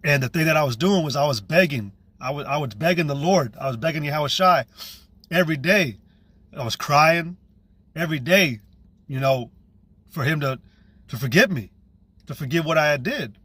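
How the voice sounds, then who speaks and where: A man with a slightly high voice shares his religious testimony in a raw, casual way. He halts and restarts his sentences often and leans on slang as he talks. The recording is close and dry, with no room sound. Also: animated, a bit bright, breathy edge, dry recording. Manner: earnest, halting, with frequent restarts and slang. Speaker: believer giving religious testimony.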